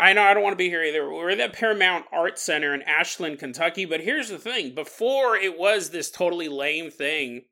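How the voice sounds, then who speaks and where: A man's voice: high-pitched, bright, forceful tone. A man hosting a podcast, telling a story in a rambling, joking way with mock voices. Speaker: podcast host. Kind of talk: comedic paranormal podcast storytelling.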